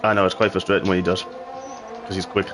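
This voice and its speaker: A man's voice: deep voice, flat delivery, a little fast, background noise. Upbeat man commentating sim racing. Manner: upbeat, jokey banter with co-hosts. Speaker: esports race commentator.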